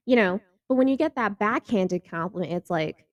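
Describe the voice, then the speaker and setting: A woman's voice: a little high, moderate pace, dry recording, clean studio sound. A woman hosting a reaction video in a casual, chatty way, laughing often and acting out quoted lines.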